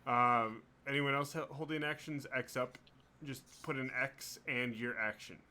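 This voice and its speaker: Man, game master, bright tone, casual, halting with fillers, mid pitch. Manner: relaxed, laughing, full of fillers and restarts. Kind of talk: running a tabletop game.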